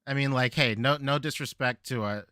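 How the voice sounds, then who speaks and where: A Filipino American man hosting a podcast, telling stories in an animated way with frequent laughs. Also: mid-range voice, normal speed, clear, resonant tone, no room sound, clean studio sound. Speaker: podcast host. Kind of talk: casual chat.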